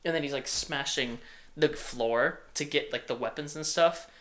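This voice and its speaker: A man's voice: on the high side, normal speed, sharp tone, a little hiss or hum. A young man hosting a casual movie podcast, talking in a rambling way with lots of fillers and restarts. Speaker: podcast host.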